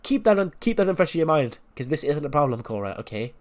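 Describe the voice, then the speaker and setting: A man's voice: big pitch swings, fast talker. A man voicing a cocky woman wrestler who shushes and keeps repeating herself. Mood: dismissive. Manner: high, insistent, repeats itself.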